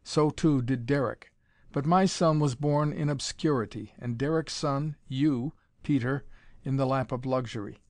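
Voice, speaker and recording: A man's voice: medium pitch, unhurried, a little mellow, no room sound, studio quality, natural voice. A man playing a gloating mad old tyrant. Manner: gloating, menacing. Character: cruel mad old male tyrant emperor.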